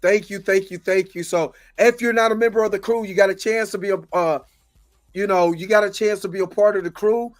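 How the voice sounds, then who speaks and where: Talking fairly quickly in a high voice with fairly even intonation, a man from the United States hosts an impassioned livestream. He vents his frustration, goes over the same points again, and thanks viewers by name.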